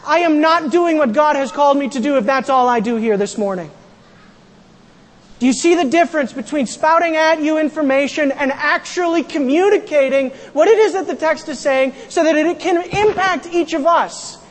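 A pastor preaching a sermon in a church, animated, acting out quotes and raising the voice for emphasis. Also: high-pitched, normal speed. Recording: long hall reverb.

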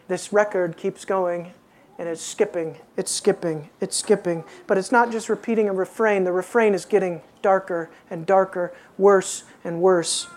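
A woman preaching an expository sermon, asking her listeners rhetorical questions and dropping to a hushed tone for emphasis. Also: mid-range voice, steady tone, unhurried.

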